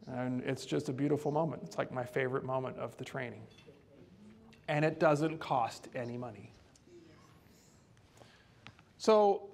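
High-voiced man telling a story. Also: vocal fry. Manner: lively, conversational storyteller. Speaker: home care trainer and speaker. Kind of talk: storytelling presentation.

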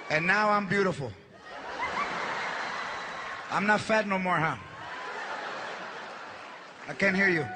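A man voicing a sarcastic middle-aged wife, mocking and nagging her sick husband. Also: high-pitched. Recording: noisy live stand-up recording.

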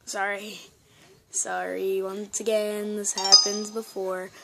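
A woman giving casual, excitable commentary while playing a video game, with frequent gasping exclamations. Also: mid-range voice, takes it slowly, creaky, a little hiss or hum. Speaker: gameplay video host. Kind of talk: casual let's-play commentary. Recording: loud game music underneath.

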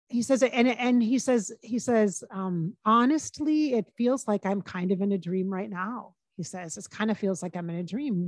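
A woman working as a psychic medium, talking casually and relaying quotes in her own plain voice with frequent pauses and restarts. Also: mid-range voice, darkish tone, no room sound. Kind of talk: casual channeling session monologue.

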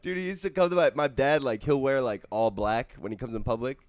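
A man's voice: mid-range voice, fairly quick. A man in his twenties, a comedian guest on a podcast, joking about himself in casual banter. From New York. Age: 20s. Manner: animated, self-mocking jokes.

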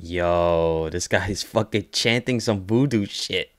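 A young man with a low voice and slow pace hosts a casual reaction video. He's excitable and swears, filling it with "yo" exclamations and laughter.

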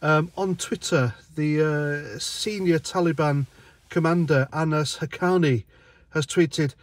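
British army-veteran vlogger, blunt and sarcastic, slightly high male voice, dry close recording. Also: slow pace, no room sound. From United Kingdom. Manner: blunt, sarcastic, often laughing. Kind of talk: opinionated casual monologue.

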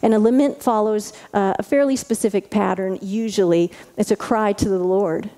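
A woman's voice: mid-range voice, moderate pace, warm tone. A woman pastor giving a conversational sermon, chatty and full of asides and restarts. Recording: long reverb of a large hall.

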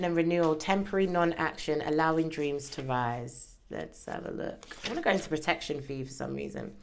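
A woman's voice: lowish voice, darkish tone. A woman giving a casual tarot reading, chatty and encouraging, often checking in with "okay?". She speaks into a microphone worn close to her hair. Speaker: tarot reader. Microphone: microphone worn near her hair.

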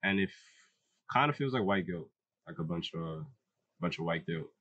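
A man speaking in a measured, thoughtful way in a documentary interview. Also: low voice, animated, a bit bright, husky, no echo, muffled recording. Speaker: student interviewee.

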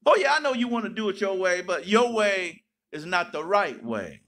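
A man pastor preaching a sermon, breaking into sudden shouts and playful asides. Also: sits high, sing-song, moderate pace.

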